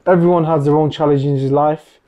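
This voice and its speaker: Earnest, mellow-voiced Mancunian man. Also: a little high, fairly even intonation, brisk, dull audio. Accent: Mancunian English. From Manchester, England. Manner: earnest and impassioned. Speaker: podcast host. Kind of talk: podcast conversation.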